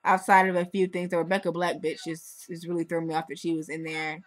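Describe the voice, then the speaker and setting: A young woman reviewing a music video in a chatty, sarcastic, animated way. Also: lowish voice, fast talker, dry recording, low-quality recording.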